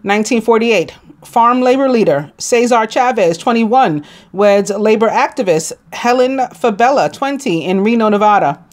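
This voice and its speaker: A woman's voice: on the high side, lively intonation, moderate pace. Woman, New York accent, tarot-channel host reading almanac items aloud; casual, trips on hard names. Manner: reads list aloud, stumbles on names, asides with a laugh. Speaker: tarot reader. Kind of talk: reading daily almanac notes.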